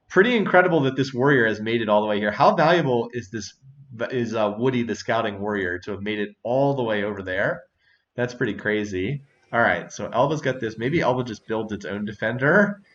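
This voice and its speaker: A man's voice: mid-range voice, animated, moderate pace, fairly bright tone, muffled recording. A man hosting a strategy game session, chatting casually, thinking aloud and laughing often. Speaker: let's-play host. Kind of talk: casual gameplay commentary.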